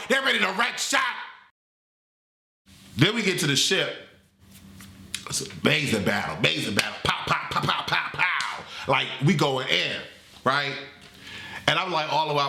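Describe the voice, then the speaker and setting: A man giving a comedic movie review in a dramatic, sassy, animated way. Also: fairly high pitch, moderate pace, vocal fry. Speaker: movie critic. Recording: roomy echo.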